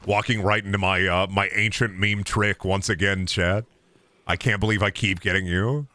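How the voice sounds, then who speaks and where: A young man giving loose, joking commentary while he plays a video game, rambling and swinging between loud outbursts and low mutters. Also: normal speed. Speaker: gaming streamer. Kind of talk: casual gameplay commentary.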